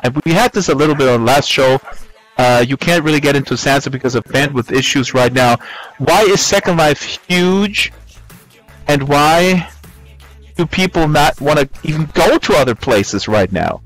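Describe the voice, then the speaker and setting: Chatty guy hosting a stream, kinda high voice, jokes around, lots of restarts, faint music behind. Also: lively intonation, normal speed, a bit bright, low-quality recording. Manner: joking, rambling with many restarts. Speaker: show host. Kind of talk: casual live-stream chat.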